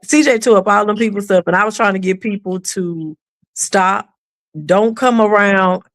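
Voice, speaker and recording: Woman, animated storyteller, acts out voices, dry close sound. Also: mid-range voice, normal speed, no room sound. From East Texas. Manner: animated, acts out quoted voices, drops into a whisper when quoting. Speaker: mother of an autistic son, guest. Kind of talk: casual storytelling on a podcast.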